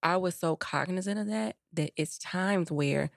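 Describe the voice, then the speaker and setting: Low-voiced woman podcast co-host. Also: measured pace, creaky, no echo, clean studio sound. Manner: chatty, storytelling with quoted voices. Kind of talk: casual podcast chat.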